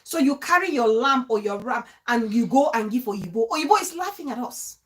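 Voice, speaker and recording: Animated woman hosting a live show. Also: a little high, moderate pace. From Cameroon. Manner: animated, laughs often, frequent restarts. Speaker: talk show host. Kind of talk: live-stream talk show, reading viewer comments.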